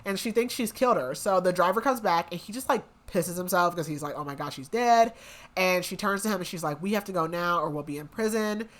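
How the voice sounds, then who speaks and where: A young woman with a somewhat low voice talks through a story recap for a book podcast. She is casual and rambling, with lots of "like" and "um", and slips into the characters' lines as she goes. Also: fast, hardly any pauses, fairly bright tone. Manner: chatty, lots of "like" and "um", acts out quotes.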